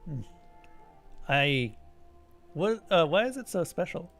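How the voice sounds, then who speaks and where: A man's voice: on the high side, big pitch swings, slow pace, fairly bright tone, soft background music. A male streamer reading video game narration aloud, switching to casual asides about his play.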